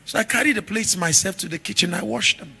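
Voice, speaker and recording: A man preaching a sermon, telling stories with animated shifts from shouts to murmurs. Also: high-pitched, fast, gravelly, husky. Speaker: pastor.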